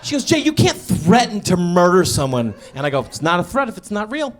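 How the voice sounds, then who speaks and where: A man in his thirties doing stand-up storytelling on stage, acting out dialogue and shouting his punchlines. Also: high voice, very animated, a little fast, slight background noise. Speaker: stand-up comedian. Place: stage before a live audience.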